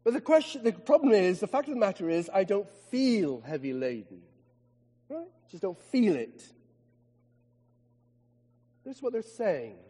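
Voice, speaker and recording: A higher-pitched man preaching from the pulpit. He leans on rhetorical questions and slows down to stress key words. His voice carries a long reverb, as in a large church. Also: very animated, mellow, slightly rough. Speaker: vicar. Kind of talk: sermon.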